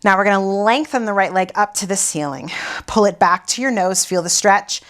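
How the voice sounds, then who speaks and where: A woman's voice: medium pitch, moderate pace, a bit bright. A woman pilates instructor guiding a workout while doing it herself, out of breath and sighing between cues.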